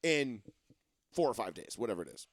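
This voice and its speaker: A man hosting a sports talk show, talking casually and excitably, rambling and swearing often. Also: mid-range voice, a little fast. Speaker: sports radio host.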